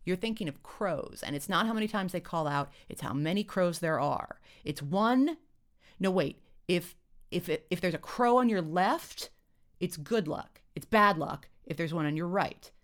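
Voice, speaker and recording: A woman's voice: on the low side, animated, normal speed, close to an everyday voice. A woman voicing a bickering young man who lectures like a know-it-all and keeps correcting himself.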